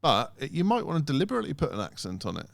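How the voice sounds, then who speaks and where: Man, podcast co-host, gravelly, close dry sound, animated storyteller. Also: a little high, very fast, no room sound. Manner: animated, mimics phone recordings in sing-song voices. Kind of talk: casual podcast chat.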